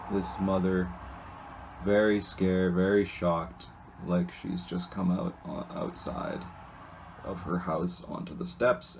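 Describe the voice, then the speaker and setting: A man with a very low, gravelly voice describes comics in a slow, unhurried ramble. He talks off the cuff, hesitating and restarting his sentences as he goes. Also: a little mellow, a little hiss or hum. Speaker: solo video host reading comics. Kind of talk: casual, unscripted comic descriptions.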